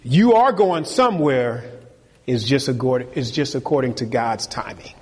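A man's voice: medium pitch, expressive, moderate pace, slightly rough, big-room sound. A man preaching a sermon as pastor, emphatic and repeating key phrases for force.

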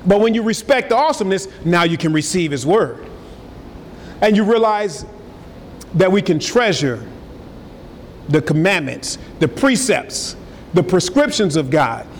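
A man preaching a sermon as pastor, energetic and swinging between loud and soft. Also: high voice, measured pace, long pauses, a little hiss or hum. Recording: hall reverb with faint ambience.

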